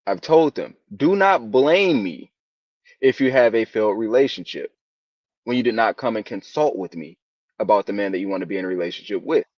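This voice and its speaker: Lower-voiced father, firm and lecturing. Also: quick pace, darkish tone, dry recording, highs cut off. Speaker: guest, father. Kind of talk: opening statement in a discussion.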